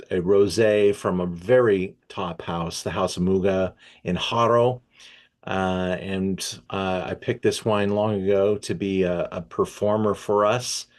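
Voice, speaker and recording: A man hosting an educational wine session, easygoing and hesitant with many fillers. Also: deep voice. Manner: easygoing, with many ums and uhs. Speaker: wine shop host.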